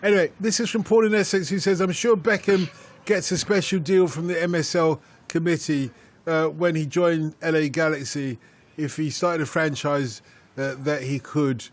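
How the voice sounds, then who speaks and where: A man's voice: a little high, steady tone, normal speed. A man hosting a radio football phone-in, reading out listener emails and coaxing his pundits with teasing banter.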